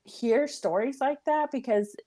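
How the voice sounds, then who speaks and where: A woman's voice: sits high, measured pace, warm tone. A woman who works as a doula, chatting on a podcast and often murmuring in agreement. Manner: supportive listener, frequent murmured agreement. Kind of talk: casual chat.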